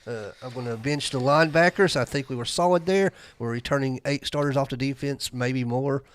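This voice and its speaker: Guy co-hosting, calm steady talk, reads out listener comments. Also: mid-range voice, fairly quick, smooth. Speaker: podcast co-host. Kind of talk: casual sports chat.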